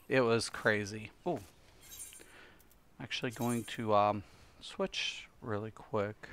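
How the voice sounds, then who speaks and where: A man's voice: fairly low pitch, steady tone, slow, pauses often, fairly bright tone, slight background noise. A man hosting his own gaming channel, a little tired, ranting casually and with exasperation, swearing as he rambles.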